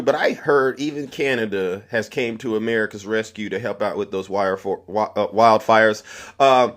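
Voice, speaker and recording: A man's voice: medium pitch, fairly bright tone. A man hosting a live political commentary stream, ranting in a heated, preachy way and talking straight to his viewers.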